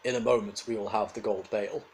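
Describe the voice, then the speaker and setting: A lifeless, ancient male robot, voiced by a man telling a story, with a cultured, raspy edge. The delivery is flat, quiet and patient, in a lowish voice. It comes from a spoken storybook reading. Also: fairly quick, natural voice, rough recording. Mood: cold. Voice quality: cultured rasp.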